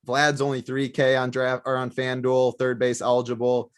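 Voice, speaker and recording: A man giving fantasy sports picks in casual talk, matter-of-fact and brisk. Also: mid-range voice, completely flat delivery, clear, resonant tone.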